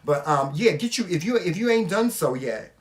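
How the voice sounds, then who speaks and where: A Southern man talks in a slightly high voice, chatting casually with his viewers. He is animated and emphatic, and he swears freely as he goes. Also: moderate pace. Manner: animated, emphatic and profane, addressing viewers directly. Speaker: vlog host. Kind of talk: casual couple chat.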